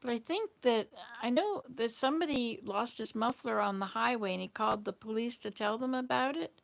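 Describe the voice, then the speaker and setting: A woman's voice: fairly high pitch, fairly quick, gravelly. A woman hosting a casual vlog chat, telling rambling, anecdotal stories. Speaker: vlog host.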